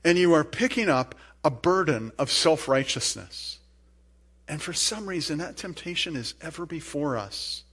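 A man preaching a sermon, earnest and emphatic, with rising bursts and soft asides. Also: on the high side, lively intonation, normal speed, breathy edge. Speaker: pastor.

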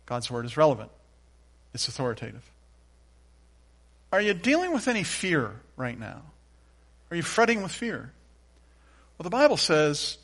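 A man preaching from the pulpit, his voice sitting a touch higher than most men's. He leans into repeated refrains and reads scripture aloud with dramatic emphasis. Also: big pitch swings, moderate pace, long pauses, fairly bright tone. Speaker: pastor. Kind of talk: sermon.

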